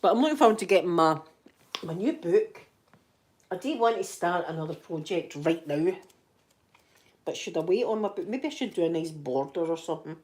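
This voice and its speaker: Scottish woman, fifties, sore throat, soft rambling ASMR chat with a self-mocking streak. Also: on the low side, expressive, moderate pace, breathy edge. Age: 50s. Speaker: ASMR channel host.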